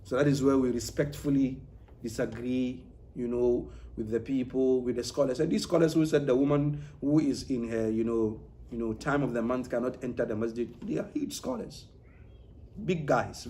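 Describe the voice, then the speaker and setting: A man's voice: medium pitch, normal speed, mellow, slight background noise. A man teaching an informal religious class in a mosque, talking conversationally with frequent "you know" and restarted phrases. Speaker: Islamic teacher. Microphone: livestream mic.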